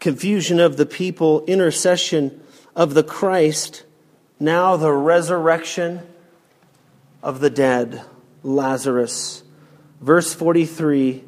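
A male pastor preaches in a high-pitched voice, taking his time over each phrase and lifting hard on the quoted commands. The sermon rings out in a church sanctuary with a long, trailing reverb. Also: fairly even intonation. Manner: slow, emphatic, rising sharply on quoted commands. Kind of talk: expository sermon.

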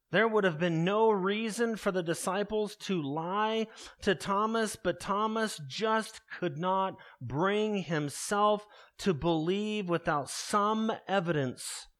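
A man's voice: sits high, fairly bright tone. A man preaching an earnest expository sermon, calling his listeners beloved.

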